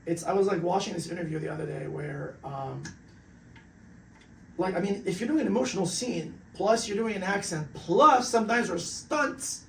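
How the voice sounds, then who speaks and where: A man's voice: high voice, normal speed, far from the mic, slight background noise. A young man hosting a podcast, laid-back and slangy, swearing now and then in casual chat. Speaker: podcast host. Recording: roomy sound from off mic with faint ambience.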